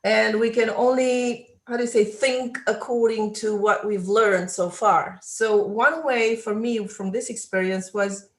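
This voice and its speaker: A woman's voice: on the high side, steady tone, unhurried, hardly any pauses. Thoughtful woman in an echoey room. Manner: thoughtful, searching for words. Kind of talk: live online talk. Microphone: video call. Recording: roomy echoing room.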